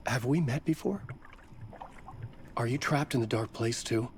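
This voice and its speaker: Game role: male actor as a wary lost writer, mid-pitched, quick urgent questions. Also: a little hiss or hum, close to an everyday voice. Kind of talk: video game dialogue.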